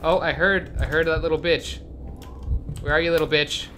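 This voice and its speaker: A man's voice: a little high, steady tone, normal speed, sharp tone, slight background noise. A man casually chatting while playing a horror game with a friend, yelping when scared and cracking crude jokes. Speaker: gaming channel co-host. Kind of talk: casual gaming chat. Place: home, shared with roommates.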